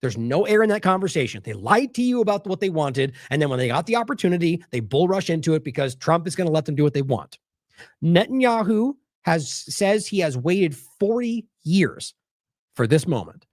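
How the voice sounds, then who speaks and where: Animated, sarcastic male news commentator. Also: high-pitched, a little fast, dry recording, clean studio sound. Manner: animated, sarcastic, mocks quotes in exaggerated voices; talks in bursts with restarts while scrolling sources.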